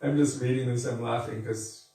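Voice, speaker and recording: A man leads a devotional scripture class in a loose, conversational way, often laughing and acting out the people he quotes. His voice sits at a medium pitch and comes from well away from the mic, washed in heavy room echo. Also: steady tone, normal speed, dark tone. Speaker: spiritual teacher giving a class. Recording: echoey room, mic far off.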